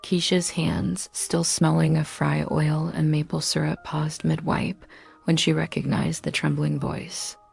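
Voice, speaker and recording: A woman's voice: low-pitched, flat delivery, a little slow, gravelly, a little mellow, breathy edge, faint music behind. A woman narrating a scripted dramatic story in punchy short sentences.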